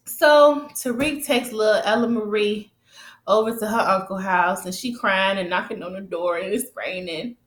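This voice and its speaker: A woman's voice: mid-range voice, normal speed, reverberant. A woman recapping a TV episode in casual, slangy chat, speaking straight to her viewers and acting out scenes with sound effects. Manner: animated storytelling with sound effects and laughter.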